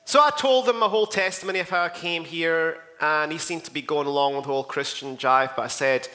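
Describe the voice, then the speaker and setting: A man's voice: a little high, brisk, sharp tone. A man with a Scottish accent, a pastor giving a rambling, jokey report on a church outreach, full of asides to the listeners.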